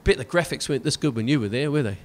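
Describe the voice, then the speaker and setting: A Scottish man performing stand-up comedy, sarcastic and animated, often tagging his lines with "right?". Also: medium pitch, very fast, a little hiss or hum. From Scotland.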